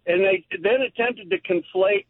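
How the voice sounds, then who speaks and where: Guy phoning into a radio show, highish voice, tinny line w/ a little hiss, rambly. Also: no echo. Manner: rambling, piles on quick asides. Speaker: radio show regular on the phone. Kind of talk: casual talk radio chat. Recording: tinny phone line with faint noise.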